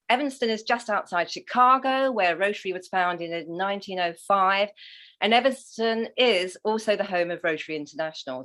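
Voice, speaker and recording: A middle-aged woman with an English accent, chatting as a guest in a livestreamed interview, upbeat and warm with her host. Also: medium pitch. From England. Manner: chatty, upbeat, says "honey" often. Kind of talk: casual interview chat.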